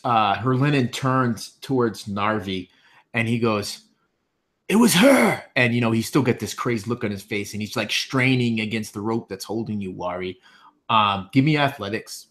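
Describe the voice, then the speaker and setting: A man's voice: lowish voice, normal speed, a bit bright. A man running a tabletop game as game master, narrating loosely with many fillers.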